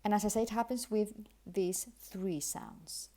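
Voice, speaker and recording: Slow-talking woman with a Spanish accent. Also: medium pitch, steady tone, dark tone. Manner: slow, careful explanations with repeated example words. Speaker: English pronunciation teacher. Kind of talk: pronunciation lesson.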